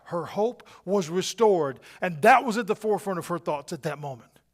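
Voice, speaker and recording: A middle-aged man preaching a sermon as a pastor, talking conversationally with frequent tag questions and swinging between near-whispered lines and loud, emphatic bursts. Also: on the high side, fairly quick.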